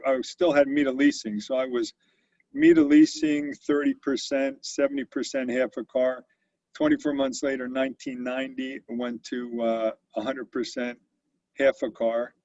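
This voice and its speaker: An older company founder, appearing as a guest in a storytelling interview, animatedly spins business stories and often slips into the voices of people he quotes. His gravelly voice sits at a middle pitch and keeps a moderate pace, recorded dry with no room sound and a dull, lo-fi quality.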